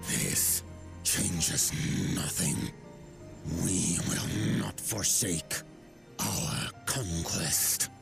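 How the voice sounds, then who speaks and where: An actor playing a hostile male warrior bent on conquest in a video game, with a deep gravelly voice and slow, menacing delivery. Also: music in the background, exaggerated voice.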